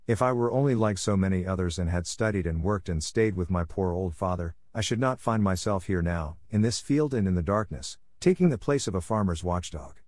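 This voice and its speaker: A man's voice: lowish voice, sing-song, brisk, hardly any pauses, darkish tone, dry recording, clean studio sound. A man voicing a tearful marionette boy who pleads and sobs. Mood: remorseful. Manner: sobbing, pleading.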